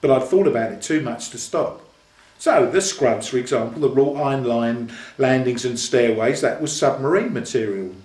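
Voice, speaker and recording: A man's voice: mid-range voice, normal speed, a little mellow. A man in his sixties from London reading from his own memoir in a dry, understated way. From London, England. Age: 60s. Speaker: author. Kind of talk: book reading. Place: reading event, indoors. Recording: echoey room.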